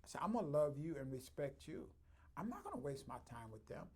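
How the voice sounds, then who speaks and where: A chiropractor telling stories in an interview, acting out other people's voices and swinging from quiet to loud. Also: male voice, fairly high pitch, big pitch swings, fairly quick, breathy edge. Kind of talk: storytelling interview.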